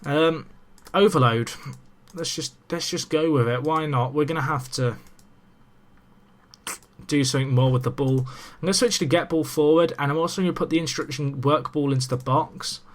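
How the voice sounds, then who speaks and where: A young man in casual let's-play commentary, chatty and excitable with self-mocking asides, talking into a desk microphone. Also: a little high, normal speed. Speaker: gaming commentator.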